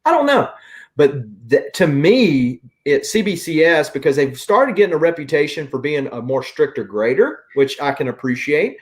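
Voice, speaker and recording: An opinionated man with a Southern US accent hosts a loose, chatty conversation. His voice sits a little higher than most men's. He speaks like someone airing a grievance. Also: sing-song, moderate pace. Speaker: host. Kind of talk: casual chat.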